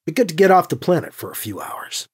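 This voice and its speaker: A reader narrating a novel with expressive storytelling. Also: fast talker, breathy edge. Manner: expressive storytelling with wide pitch swings. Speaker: audiobook narrator. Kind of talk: scripted narration.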